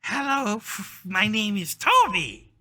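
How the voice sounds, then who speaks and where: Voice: medium pitch, big pitch swings, slow pace, pushed and bright, pitched above the performer's own voice, heavily acted. A game master voicing an eager young female kobold fish seller who talks in broken, gushing phrases. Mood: chirpy. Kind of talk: tabletop role-play voice.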